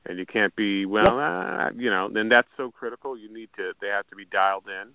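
A man hosting an interview, talking in a halting way with many fillers and short replies. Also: fairly low pitch, dry recording. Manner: halting, full of "you know" and backchannels. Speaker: podcast host. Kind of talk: interview conversation. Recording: dry, dull lo-fi audio.

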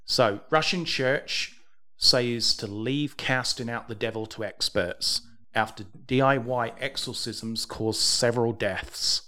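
A man's voice: mid-range voice, slow, sharp tone. Dry-humored male podcast host. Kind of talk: casual chat, reading news stories.

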